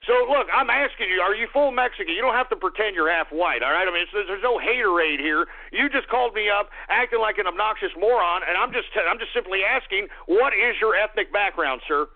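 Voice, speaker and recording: Radio host guy, loud and crude, highish gravelly voice, tinny phone sound. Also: animated, a little fast, few pauses. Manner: boisterous, crude, bursts into shouts and whoops. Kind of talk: crude call-in radio talk.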